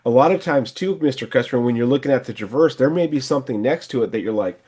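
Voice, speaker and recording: A man's voice: mid-range voice, expressive, quick pace, darkish tone, husky. A man coaching a salesman one on one, casually acting out lines a salesman and a customer might say. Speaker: sales trainer and podcast host.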